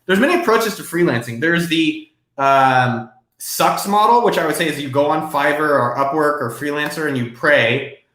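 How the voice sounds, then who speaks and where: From his home desk, a man hosts a live Q&A stream at a moderate pace, loose and excitable with occasional swearing. His voice is fairly high, and a noticeable room echo surrounds it.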